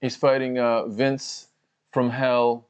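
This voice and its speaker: A laid-back American man on a live watch-along, middle-pitched and easygoing. His sound comes through a little muffled and dull. He mostly agrees, laughs along and adds short remarks. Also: level tone, slow pace, clear, resonant tone. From United States. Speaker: livestream co-host. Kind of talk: casual watch-along chat.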